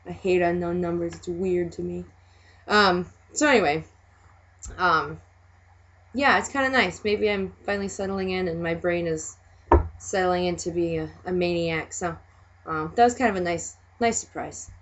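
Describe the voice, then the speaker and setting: Woman, casual vlogger, rambling and hesitant; lowish voice on a dull, lo-fi recording. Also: moderate pace, a bit bright. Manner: rambling, hesitant with many fillers. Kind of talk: casual chat.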